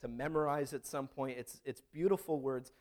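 A man's voice: mid-range voice, steady tone, normal speed, darkish tone. A man preaching a sermon in a conversational, storytelling way, with frequent restarts. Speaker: pastor.

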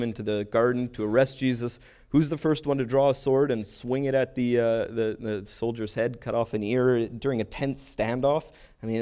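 A man preaches in a relaxed, talky way, stumbling and restarting as he goes. His voice is mellow and dark, and he reads scripture passages aloud between his comments. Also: medium pitch. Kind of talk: sermon.

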